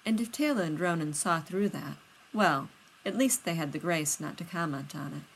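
Low-voiced woman reading a story. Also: normal speed, gravelly, a little hiss or hum, low-quality recording. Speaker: reader. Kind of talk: audiobook narration of fiction.

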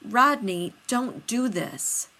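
A woman's voice: a little high, lively intonation, drawn-out words, sharp tone, pitched above the performer's own voice, full character voice. A woman reading aloud voices a flustered, defensive man who insists everything is fine. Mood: insistent. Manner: insistent, evasive.

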